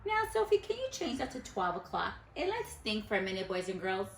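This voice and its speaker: Lively woman teacher reading to a class. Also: mid-range voice, gravelly, echoey room, slight background noise. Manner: animated storyteller who pauses to quiz children. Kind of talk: reading a picture book aloud to a class.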